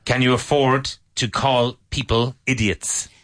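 A man's voice: medium pitch, level tone, unhurried, fairly bright tone. A man teaching an English conversation class, asking drill questions and patiently correcting and praising his students.

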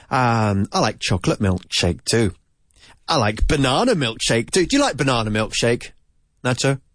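A man teaching vocabulary to Spanish speakers in a relaxed, chatty way, repeating words slowly to drill their pronunciation. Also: medium pitch, no room sound, clean studio sound. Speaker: English teacher. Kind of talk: casual language lesson.

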